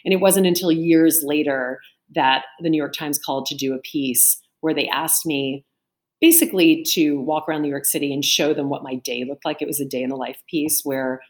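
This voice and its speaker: A middle-aged woman, an auctioneer and author, telling a lively anecdote in an interview over a video call and acting out what people said. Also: deep voice, normal speed. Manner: lively anecdotal storytelling, acts out quotes. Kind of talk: storytelling interview answer. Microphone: remote video call.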